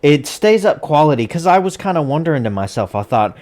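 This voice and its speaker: Animated man rambling through an anime recap. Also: on the high side, fairly quick. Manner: rambling, self-correcting, chuckles often. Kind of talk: casual episode recap.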